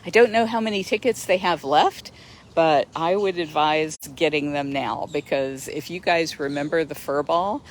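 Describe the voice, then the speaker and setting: A woman's voice: low voice, normal speed. A woman hosting a casual livestream outdoors near a lake, chatty and enthusiastic, laughing often as she talks into her phone. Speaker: host of a sanctuary livestream. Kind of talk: casual live-stream chat.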